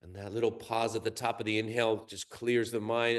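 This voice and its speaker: Calm middle-aged man teaching breathing. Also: fairly low pitch. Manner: calm, measured, explanatory, slows down when counting breaths. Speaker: qigong teacher. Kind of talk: workshop teaching, guided breathing instruction.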